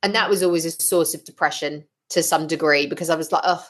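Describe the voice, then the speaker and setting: A woman talking as a podcast guest, telling her story frankly and with lively, blunt humour. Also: deep voice, quick pace. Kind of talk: casual interview chat.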